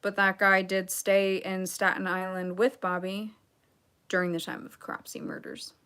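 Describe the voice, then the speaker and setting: A woman's voice: mid-range voice, completely flat delivery, a little slow, sharp tone, clean tone. A young adult woman hosting a casual livestream, reading chat and talking in a blunt, sarcastic, rambling way with asides.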